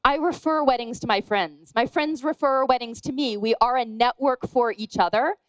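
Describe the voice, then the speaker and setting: A woman wedding photographer giving a lively conference talk, chatty and self-deprecating, acting out the people she quotes. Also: fairly high pitch, moderate pace, dry recording, rough recording.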